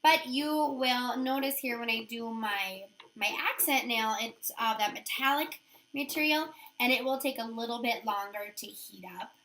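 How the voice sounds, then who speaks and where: A woman's voice: a little high, normal speed, a bit bright. A woman giving a chatty, upbeat how-to demonstration of nail wraps, talking her steps through as she works. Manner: chatty, upbeat, thinks aloud while working.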